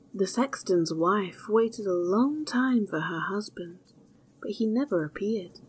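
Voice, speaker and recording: A woman calmly narrating a folk tale in a measured storytelling voice. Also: mid-range voice, husky.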